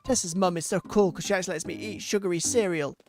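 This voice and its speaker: A streamer voicing an excitable, brash young child who blurts things out eagerly. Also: medium pitch, fast talker, faint music behind, pitched above the performer's own voice, lightly acted. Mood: chatty.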